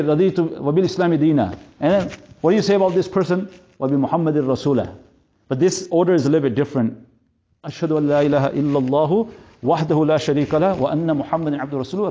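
A man's voice: mid-range voice, dark tone, muffled recording. Man teaching, racing through Arabic prayers. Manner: earnest, repeats himself, breaks into rapid Arabic recitation. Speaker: religious teacher. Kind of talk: Islamic teaching lesson.

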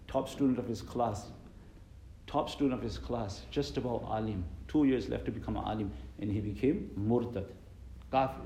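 A man's voice: fairly low pitch, gravelly, dark tone, echoey room, poor audio. A man giving an earnest sermon, repeating phrases and mixing Arabic and Urdu terms into his English. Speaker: imam giving a religious talk.

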